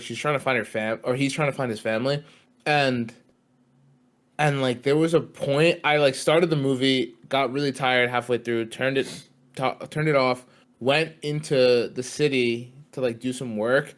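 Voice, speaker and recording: A man's voice: medium pitch, moderate pace. Chatty young man co-hosting a podcast. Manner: chatty, animated storytelling with laughter. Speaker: podcast co-host. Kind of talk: casual chat.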